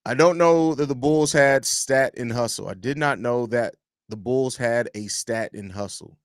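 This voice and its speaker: This man hosts a relaxed live-stream sports podcast from his home desk microphone, reading out chat questions and repeating himself as he goes. He speaks at a measured pace in a mid-range voice, captured in studio quality with no echo.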